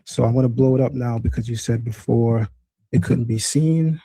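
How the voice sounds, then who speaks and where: A man's voice: medium pitch, normal speed, gravelly, warm tone, breathy edge, no room sound. A man hosting a streamed debate, insistent and corrective as he presses a guest on pronunciation. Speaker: host. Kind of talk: livestream debate on Hebrew pronunciation. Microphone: screen-sharing stream setup.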